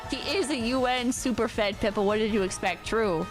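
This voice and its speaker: A young woman streamer with a fairly high voice chats casually and teases, often breaking into giggles. She also reads a post aloud in the same easy tone. Music plays clearly behind her voice. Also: normal speed. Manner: teasing, giggly. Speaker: streamer host. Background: background music.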